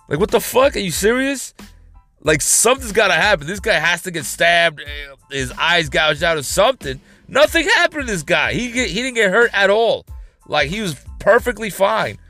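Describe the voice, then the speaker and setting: A man's voice: on the high side, sing-song, normal speed, pushed and bright, faint music behind. Rambling, cursing man vlogging from his car. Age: adult. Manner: rambling, profane, laughing rant. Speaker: vlogger host. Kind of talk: casual vlog chat. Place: parked car in a work parking lot.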